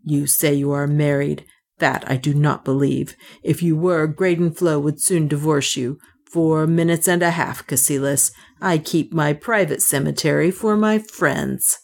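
A woman voicing an angry young male rival in a storybook reading, speaking slowly and brutally. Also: low voice, steady tone, creaky, heavily acted. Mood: menacing. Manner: slow, brutal, cutting.

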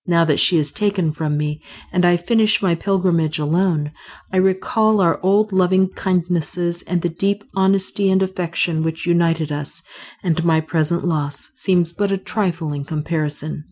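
Low-voiced woman narrating a story. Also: fairly even intonation, normal speed, darkish tone. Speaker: audiobook narrator. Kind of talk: scripted narration.

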